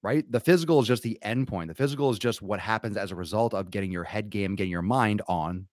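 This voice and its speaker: A man hosting a live fitness podcast, loud, crude and hyped like a showman. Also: fairly low pitch, quick pace, dry recording, studio quality. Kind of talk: live-streamed casual podcast.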